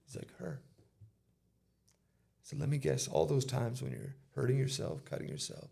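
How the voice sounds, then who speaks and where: Guy on a podcast telling a story, super gravelly low tone, acts out what everyone said. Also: very animated, moderate pace, mellow. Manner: retells conversations in casual quoted speech. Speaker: interview guest.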